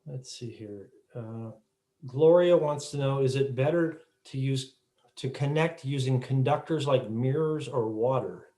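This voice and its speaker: A man's voice: mid-range voice, measured pace, dark tone, low-quality recording. Man reading audience questions aloud.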